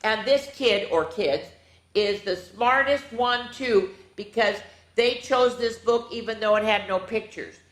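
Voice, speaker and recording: A woman hosting a children's storytime, reading a book aloud in a playful, animated way with silly sounds and voices. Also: on the high side, measured pace. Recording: echoey room.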